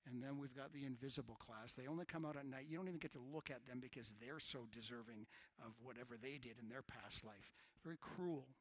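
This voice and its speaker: A middle-aged male pastor preaching a sermon, swinging from hushed asides to shouted lines. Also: mid-range voice, fast talker, dry recording.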